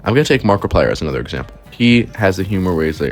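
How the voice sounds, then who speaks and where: A man's voice: low voice, soft background music. A young man talking casually to camera about YouTube creators, chatty and full of "like" and "right?". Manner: quick, chatty, frequent "right?" and "like". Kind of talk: casual commentary video.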